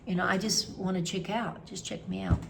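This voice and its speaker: A woman's voice: medium pitch, steady tone, brisk, vocal fry, a bit bright, a little hiss or hum. A middle-aged woman chatting casually and frankly, rambling with many fillers. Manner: frank, opinionated. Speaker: vlogger. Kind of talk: casual review chat.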